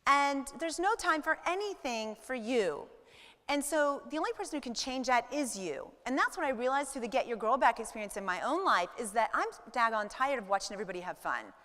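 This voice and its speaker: A middle-aged woman gives a motivational talk, her voice bright and a touch high. She talks animatedly to the crowd and acts out everyday moments with quoted lines. The sound carries the long echo of a large hall. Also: animated, a little fast. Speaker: speaker at a women's business event.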